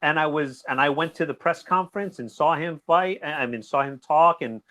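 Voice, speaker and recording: A man guesting on a boxing talk show, rambling in an animated way and laughing easily. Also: a little high, a little fast. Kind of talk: casual boxing recap chat.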